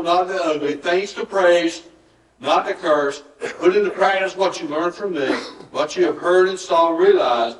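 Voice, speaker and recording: A Southern pastor delivering a folksy, conversational sermon, his voice a bit higher than most men's. He is picked up from some distance in an echoey church room. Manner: folksy, conversational preaching with acted-out quotes. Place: church sanctuary.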